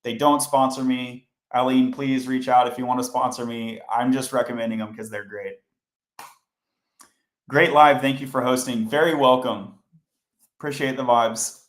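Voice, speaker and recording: A man's voice: mid-range voice, steady tone, normal speed. Chatty man teaching code live, roomy sound. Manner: chatty, explains step by step, talks to chat. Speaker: coding livestream host. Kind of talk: casual live coding tutorial. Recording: roomy echo.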